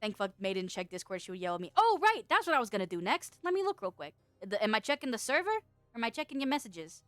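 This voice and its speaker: Woman streamer, playful and giggly, loose and sweary; slightly high, dry close-miked sound, faint music underneath. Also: sing-song, fast, no room sound. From United States. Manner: playful, laughs often, swears casually. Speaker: VTuber streamer. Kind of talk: casual chat reading viewer messages.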